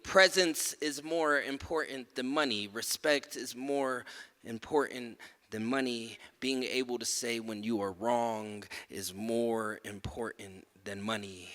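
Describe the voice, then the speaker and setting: A man performing spoken word poetry and telling stories on a live stage, rhythmic and emphatic, letting his lines fall soft at the ends. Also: mid-range voice, in a large hall. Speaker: performance poet. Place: live stage at a museum event.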